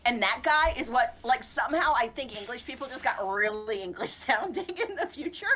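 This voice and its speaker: A woman with a fairly high voice co-hosts a casual livestream chat. She talks in animated bursts, laughs often and tosses off quick asides. A faint hiss of noise sits behind her. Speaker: co-host.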